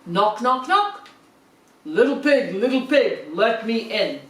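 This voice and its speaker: A hungry big bad wolf, male and menacing, who growls and sniffs as he threatens the little pigs, as a woman storyteller puts him on. The voice is lower and rougher, with a lot of swing in the pitch. It echoes in a roomy space, set back from the mic. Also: very animated, slow pace, a bit bright, far from the mic, full character voice.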